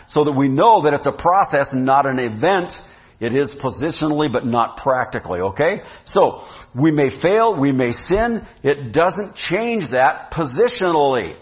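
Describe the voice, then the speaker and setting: A man preaching a sermon to his church in a conversational way, often asking the congregation questions. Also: on the high side. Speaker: pastor. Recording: dull lo-fi sound.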